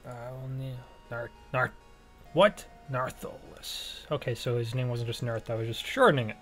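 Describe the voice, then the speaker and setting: A man's voice: medium pitch, moderate pace, a bit bright. A man giving casual let's play commentary, thinking aloud with many fillers and self-deprecating jokes. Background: faint game music.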